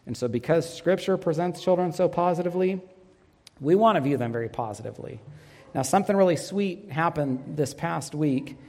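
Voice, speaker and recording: A man's voice: a little high, expressive, a little fast, a little mellow, long reverb tail. A man in his thirties preaching a sermon as pastor, earnest and telling stories with light humor. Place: church sanctuary.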